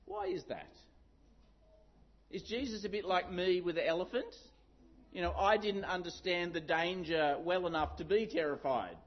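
A middle-aged man preaching a sermon, telling a story with lively acted-out shouts. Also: high-pitched, normal speed. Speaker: pastor. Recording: dull lo-fi sound.

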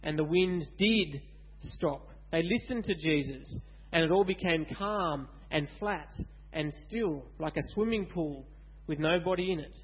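A man gives a lively children's Bible talk in church and keeps asking the kids questions. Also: on the high side, husky, dull audio. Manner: animated, asks kids questions.

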